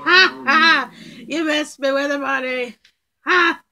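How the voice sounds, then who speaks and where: A woman commenting casually on a game she plays with friends, excitable and quick to yell in reaction. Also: high voice, vocal fry. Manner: excitable, yelps and shouts in reactions. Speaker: gamer.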